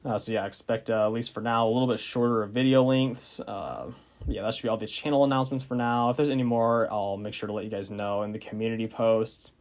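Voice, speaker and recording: A man's voice: fairly low pitch, steady tone, quick pace. A young man narrating a racing recap video in a casual way, often saying "uh". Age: young adult. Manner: casual, with frequent "uh" fillers. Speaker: YouTube racing channel host. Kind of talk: scripted narration.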